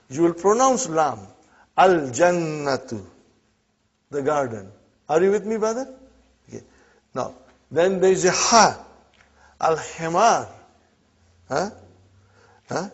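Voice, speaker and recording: A man's voice: fairly high pitch, very animated, slow pace, pauses often, breathy edge. A middle-aged man teaching an Arabic class, drilling words and asking students "huh?" and "are you with me?". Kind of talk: classroom language lesson. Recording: muffled lo-fi classroom recording.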